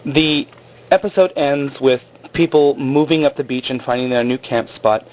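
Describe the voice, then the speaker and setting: Here a man goes over a TV episode in a casual, meandering way while stick-figure drawings play, full of "like" and acted quotes. He talks at normal speed with a medium pitch, and the audio is dull.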